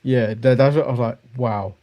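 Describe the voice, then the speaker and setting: A man from England co-hosting a casual wrestling chat, retelling stories in a relaxed way with hesitations. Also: mid-range voice, moderate pace. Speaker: podcast co-host.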